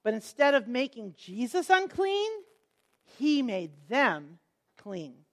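A woman's voice: on the high side, slow. A middle-aged woman teaching a Bible lesson, telling the stories expressively and acting out the quotes. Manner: expressive storytelling, acts out quotes.

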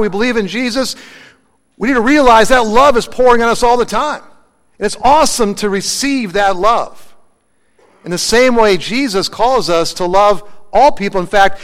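A man's voice: sits high, fairly bright tone. A man preaching a sermon as pastor, asking his congregation questions and answering them himself. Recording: long hall reverb.

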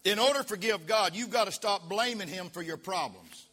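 A man preaching a sermon as pastor, leading the congregation in call-and-response and rising to shouts. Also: high voice, a little fast. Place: church sanctuary. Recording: long reverb of a church hall.

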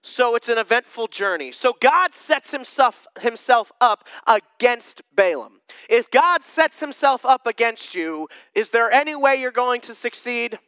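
A man's voice: high voice, sharp tone, smooth, no echo. A man preaching a humorous, conversational sermon, retelling a Bible story with jokes. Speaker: pastor.

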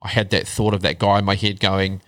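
Thirties New man, low-pitched and candid, swears casually, dry close mic. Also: level tone, brisk, a bit bright, dry recording. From New Zealand. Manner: candid storytelling, swears freely, drops to a low murmur on hard parts. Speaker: guest. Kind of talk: casual chat.

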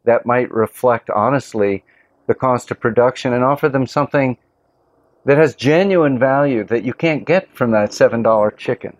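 A man who farms organic tomatoes, hosting a casual interview and telling stories in an earnest, relaxed way. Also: medium pitch, normal speed. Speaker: host, organic tomato farmer.

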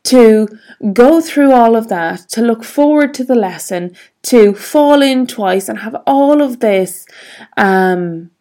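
A woman's voice: on the high side, a little mellow. A woman vlogger telling a personal story in a frank, reflective way, swearing freely.

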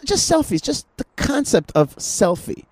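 A man hosting a casual podcast conversation, animated, often repeating himself and restarting his sentences. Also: high-pitched, measured pace, no echo. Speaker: podcast host. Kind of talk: casual political chat.

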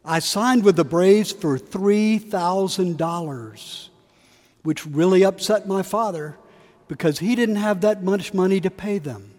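A man preaches in a cathedral, his slightly high voice carrying a long echo through the stone space. He tells stories with shifting emphasis and briefly acts out the quotes. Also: measured pace, a little mellow. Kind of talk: sermon. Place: large cathedral.

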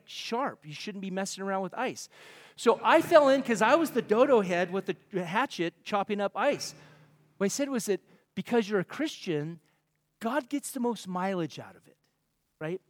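A man with a high, light voice gives a casual, rambling sermon, poking fun at himself as he goes. The long reverb of a church hall trails after his words. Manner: casual, rambling and self-deprecating. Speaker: pastor. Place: church sanctuary.

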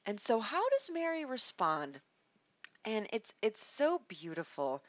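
A woman teaching a Bible study in a conversational, expressive way, restarting her phrases as she thinks. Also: a little high, measured pace, no room sound. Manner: expressive, acts out quoted lines, restarts phrases. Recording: dull lo-fi dry recording.

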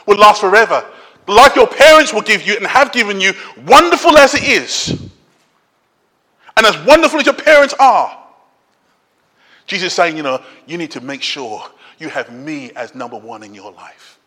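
Middle-aged male preacher, high and bright, repetitive emphatic delivery, reverberant hall. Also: expressive, normal speed, long pauses. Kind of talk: sermon.

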